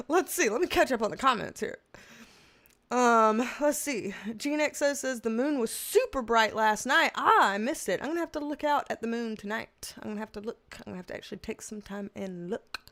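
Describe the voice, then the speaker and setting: A woman's voice: on the high side, lively intonation, normal speed, fairly bright tone. A woman in her thirties hosting a casual livestream, reading comments and chatting with exasperated humor and frequent laughter. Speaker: tarot livestream host.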